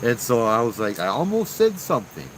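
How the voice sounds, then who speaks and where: A man tells ghost stories in an easygoing, chatty way, talking straight to his viewers. He is outdoors, with crickets and insects clearly audible behind his voice. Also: medium pitch, brisk, background noise. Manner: chatty, relaxed, talks to chat. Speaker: storyteller host. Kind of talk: casual live storytelling.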